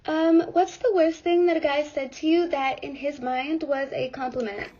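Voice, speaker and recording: High-voiced woman asking, dull lo-fi sound. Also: fairly even intonation, moderate pace, dark tone. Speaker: interviewer. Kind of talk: repeated prompt question.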